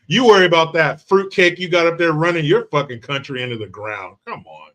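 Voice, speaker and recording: A man's voice: fairly high pitch, expressive, brisk, hardly any pauses, bright, forceful tone. A man hosting a live stream from the United States, reacting to chat in a brash, mocking, profane way. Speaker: livestream host.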